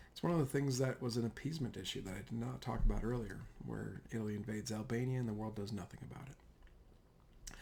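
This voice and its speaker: A man's voice: mid-range voice, creaky, slight background noise. A man giving a casual, rambling history lecture over slides, often correcting himself mid-sentence. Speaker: history teacher.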